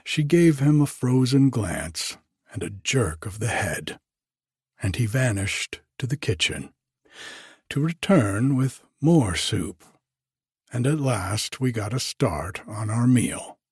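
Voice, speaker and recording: A man reading a story aloud in a measured audiobook narration. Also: mid-range voice, big pitch swings, darkish tone, no room sound, studio quality. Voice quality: husky.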